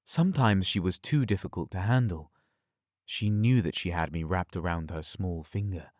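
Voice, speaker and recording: A male narrator reading a scripted audiobook with a very deep voice. His telling is measured and even, recorded close and dry with no room around him. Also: no echo.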